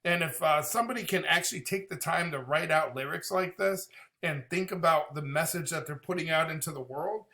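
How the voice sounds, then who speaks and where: A man in his thirties runs a music reaction channel, chatting casually and animatedly. He's talkative and breaks into impressions, speaking briskly in a voice on the high side.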